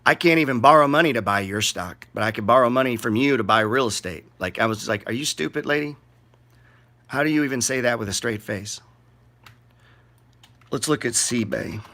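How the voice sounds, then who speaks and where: A man's voice: mid-range voice, fairly quick, pushed and bright. A middle-aged man giving casual, rambling market commentary in a blunt, profane and sarcastic way.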